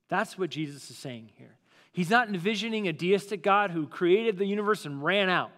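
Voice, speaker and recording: A man's voice: high-pitched, lively intonation, moderate pace, a bit bright, in a large hall. A man preaching a sermon as lead pastor, in a casual, conversational way with plenty of fillers.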